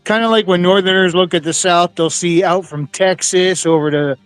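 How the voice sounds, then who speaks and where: A man's voice: sits high, steady tone, moderate pace, clear, resonant tone, no echo, faint music behind. A man from New England chatting in a writers' discussion in a matter-of-fact, conversational way. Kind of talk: casual chat.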